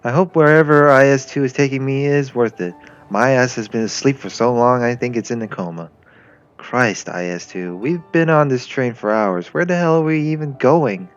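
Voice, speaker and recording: A man's voice: medium pitch, normal speed, clean tone, natural voice. A man voicing a young male German tank commander, sarcastic, flustered and grumbling. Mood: weary. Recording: lo-fi with faint music.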